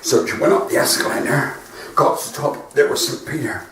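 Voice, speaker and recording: A man's voice: medium pitch, a little fast, a bit bright, far from the mic. A man with a West Country accent telling stand-up jokes on a live stream from his front room, chatty and laughing at his own jokes. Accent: West Country English. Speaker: comedian. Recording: roomy, off-mic home stream.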